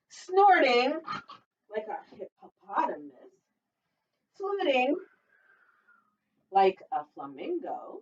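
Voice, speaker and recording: A young woman librarian reads a picture book to children in a bouncy sing-song voice that leaps wildly up and down. She takes her time, slightly high-pitched, laughing often. The recording sounds distant and muffled, as if caught from across a room. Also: slow, long pauses. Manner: lively sing-song read-aloud with frequent laughs. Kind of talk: prerecorded children's storytime. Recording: distant dull mic in a room.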